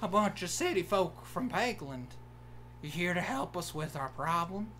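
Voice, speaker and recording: A man's voice: high-pitched, very animated, bright, forceful tone, a little hiss or hum, full character voice. A man voicing a folksy hick guard in an exaggerated stereotypical Southern drawl, drawing out his hearty words. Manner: drawn-out, hearty, slow folksy speech.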